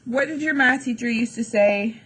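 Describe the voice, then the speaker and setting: A woman's voice: on the high side, moderate pace, fairly bright tone, breathy edge, poor audio. A woman math teacher giving a classroom lesson, chatty and jokey, with dramatic asides to her students.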